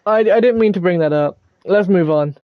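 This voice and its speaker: A man's voice: high voice, moderate pace, narrow, tinny audio, lightly acted. Shy bookish girl, read by a man. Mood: earnest. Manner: reading game dialogue aloud flatly. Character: shy bookish teenage girl in a visual novel.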